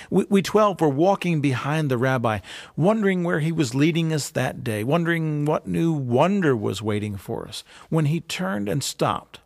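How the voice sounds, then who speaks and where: A man's voice: fairly high pitch, vocal fry, no room sound, studio quality. A man telling as an awed, stammering fisherman disciple. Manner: halting, stammers with wonder. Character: fisherman disciple recalling his teacher, earnest. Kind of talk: dramatic first-person storytelling.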